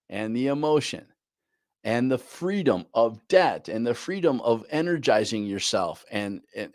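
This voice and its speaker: A man's voice: mid-range voice, dry recording, studio quality. A man teaching a live online class on goal planning, repeating his key points and often asking "right?". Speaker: business coach.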